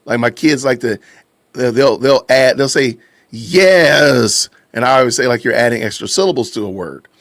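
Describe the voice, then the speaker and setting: A male podcast host with a medium-pitched, steady voice talks fairly quickly during a live stream, casually commenting and reacting to chat with repeated phrases and frequent laughs. The audio is studio quality with no echo.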